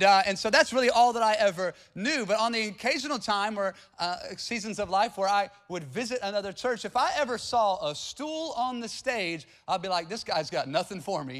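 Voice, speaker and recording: A man in his thirties preaching a sermon in a church, with lively call-and-response asides to the congregation. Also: sits high. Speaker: pastor. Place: church sanctuary.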